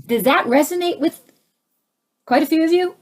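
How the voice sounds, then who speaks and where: A woman giving a conversational spiritual talk, asking her listeners questions and turning animated as she acts out her own reactions. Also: normal speed. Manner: animated, rising to high exclaims when acting out her own reactions; conversational, asks the audience questions. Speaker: spiritual teacher.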